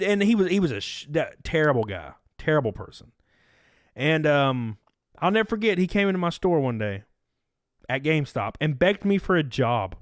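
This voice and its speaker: A man's voice: a little high, no echo, studio quality. A man in his thirties hosting a livestream, telling rambling, profane stories to his chat in a casual way. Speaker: livestream host. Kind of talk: casual storytelling to a live chat.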